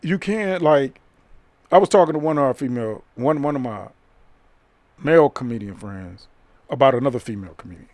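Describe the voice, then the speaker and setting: A man from Detroit, a comedian guest on a podcast, telling stories in casual chat with slang and quick repeats. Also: mid-range voice, animated, a little mellow, no echo. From Detroit, USA.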